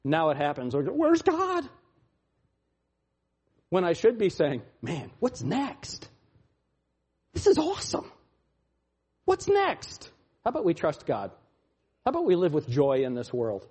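A husky, fairly high-voiced man preaches from the pulpit as pastor. He swings his pitch all over, from loud mocking shouts to low, muttered asides. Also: wildly swooping pitch, measured pace, pauses often. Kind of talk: sermon.

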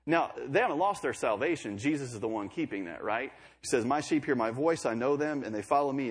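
A man's voice: medium pitch, breathy edge. A young man preaching a sermon in a conversational way, with joking asides between scripture readings.

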